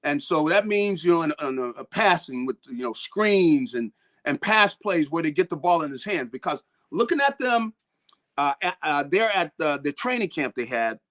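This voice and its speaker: A man gives football analysis as a talk-show guest. He rambles, stumbling over repeated words and starting sentences over, and his voice sits on the high side. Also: expressive, normal speed, fairly bright tone. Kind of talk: sports talk interview.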